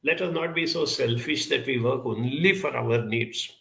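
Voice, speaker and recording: A man speaking at a conference, earnest and advising, pausing often with hesitations as he answers audience questions. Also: mid-range voice, creaky, fairly bright tone, reverberant, poor audio.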